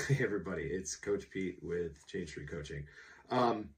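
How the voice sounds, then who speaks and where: A man's voice: sits low, lively intonation, normal speed, far from the mic. A man in his thirties, a divorce coach, talking to camera in a candid, informal way with blunt slang. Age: 30s. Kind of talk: unscripted casual talk to camera.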